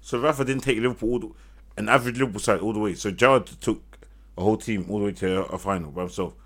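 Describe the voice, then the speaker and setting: A man's voice: on the low side, fairly even intonation, rapid-fire. A man ranting about football on a casual podcast, heated and repetitive. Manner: heated, ranting, repeats himself. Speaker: podcast co-host.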